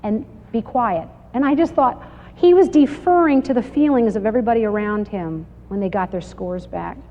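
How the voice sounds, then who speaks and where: A woman giving a lively Bible study talk to women, laughing often and acting out quoted exchanges, recorded on muffled 1990s video in a large hall. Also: a little high, normal speed. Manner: animated, laughing, acts out little quoted exchanges.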